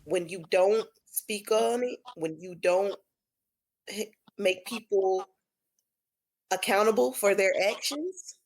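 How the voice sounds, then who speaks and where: A woman podcast guest speaking in a measured, earnest way. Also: mid-range voice. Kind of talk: conversational discussion.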